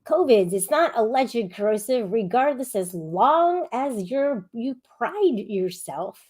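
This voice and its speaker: A woman hosting a live-stream panel, chatting casually, reading the chat aloud and scolding viewers in a rambling, sharp manner. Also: fairly high pitch, very animated, takes it slowly.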